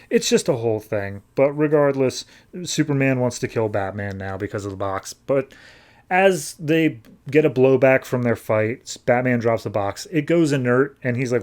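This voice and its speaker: A man hosts a podcast and recaps a comic book in a breezy, casual way. He tosses off the characters' lines in slangy, offhand paraphrase. His voice sits at an ordinary, mid-range pitch. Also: normal speed, darkish tone. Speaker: podcast host.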